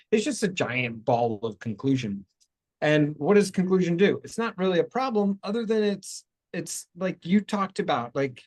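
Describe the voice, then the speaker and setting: A man's voice: mid-range voice, darkish tone. A man hosting a talk show, explaining ideas in a rambling, self-correcting way. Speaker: show host. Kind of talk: casual talk show chat.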